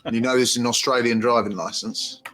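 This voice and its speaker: Suspicious British barman, dry questions, bright tone, played by an actor. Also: medium pitch, fairly even intonation, quick pace, slight background noise, close to an everyday voice. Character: wary adult British barman.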